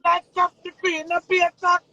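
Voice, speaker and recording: A woman hosting a live stream, relaxed, playful and chatty. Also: extremely high pitch, fairly quick, dry recording, muffled recording. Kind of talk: casual live stream chat.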